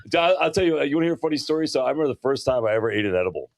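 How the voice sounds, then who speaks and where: A man's voice: medium pitch, sing-song, racing, no echo, clean studio sound. Guy cohosting a podcast, swears, says bro a lot, voice jumps all over when he tells stories. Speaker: podcast co-host. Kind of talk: casual chat.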